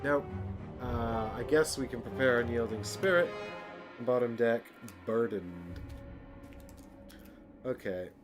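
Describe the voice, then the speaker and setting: Man, middle-pitched voice, board game player, thinking out loud, emotional, sighs and curses, music underneath. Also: slow pace, pauses often. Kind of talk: thinking aloud through a board game playthrough. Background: background music.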